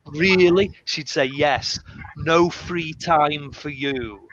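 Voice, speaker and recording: A man tells classroom stories in a relaxed, chatty way, slipping into voices as he quotes people. His voice sits a little high, and the recording is muffled and lo-fi, with a faint hiss behind it. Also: slow pace. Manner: animated, acts out quotes with shifting voices. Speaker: English teacher. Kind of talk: casual storytelling conversation. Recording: muffled lo-fi sound with faint noise.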